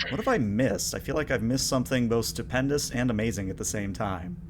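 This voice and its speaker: Man playing a measured, formal alien officer, calm and a bit baffled. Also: medium pitch, noisy background, lightly acted. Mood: puzzled.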